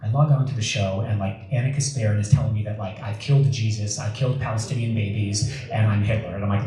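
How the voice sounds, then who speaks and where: With a lowish, dark voice, a young man talks fast and steadily with few pauses, giving a casual, joking storytelling talk full of fillers. He's at a community event in a community center hall, and the sound is echoey, mic distant, with faint noise.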